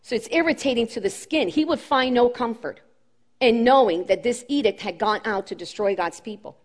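A woman's voice: on the high side, expressive, normal speed. Impassioned woman preaching a sermon. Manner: impassioned, rising and falling emphasis, repeats phrases.

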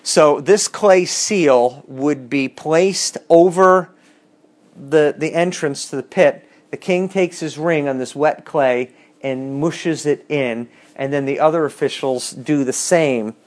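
Man, slightly high voice, casual bible teacher with wry humor. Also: slow, a little mellow. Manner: chatty, wry asides, reads scripture aloud. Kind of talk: casual bible class lecture.

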